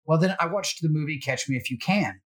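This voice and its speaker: A middle-aged man telling security anecdotes in a relaxed, self-deprecating way, with plenty of fillers. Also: a little high, fairly quick. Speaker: security guest. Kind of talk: casual storytelling.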